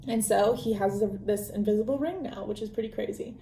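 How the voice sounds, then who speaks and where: A woman with a mellow, relaxed tone recaps a book for her podcast. She rambles along casually, leaning on "like" and "um". The recording carries a roomy echo. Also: mid-range voice, brisk, slight background noise. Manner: chatty, rambling retelling with fillers. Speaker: podcast host.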